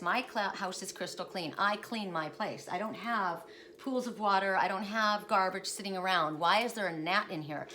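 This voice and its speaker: A woman's voice: mid-range voice, normal speed. A woman reading oracle cards at home, telling a spiritual story in a rambling, digressive way that keeps correcting itself. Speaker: oracle card reader. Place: her home by a lake. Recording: steady background noise.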